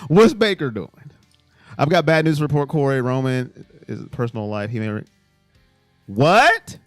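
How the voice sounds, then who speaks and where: A man hosting a casual sports live stream and reading out fan comments, animated, swinging between low mutters and loud exclamations. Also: moderate pace, no room sound, soft background music.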